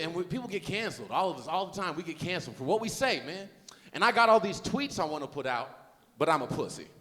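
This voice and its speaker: Male stand-up comic from Los Angeles with a high, very lively delivery and a slangy, self-mocking style, live on stage in a reverberant hall. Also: noisy background. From Los Angeles, USA. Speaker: stand-up comedian. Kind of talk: stand-up comedy set. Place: comedy festival stage.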